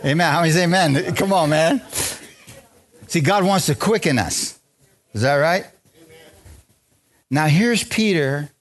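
A man preaching a lively, joking sermon in a church, drawing responses from the congregation. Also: a little high, a little slow, pauses often. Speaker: pastor. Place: church sanctuary.

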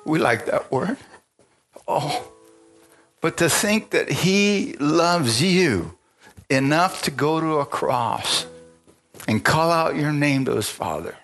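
A man's voice: on the high side, expressive, slow, long pauses, fairly bright tone, soft background music. A man preaching a sermon in a conversational style, often asking the congregation for amens and chuckling as he talks. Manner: call-and-response preaching with frequent amens. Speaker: pastor.

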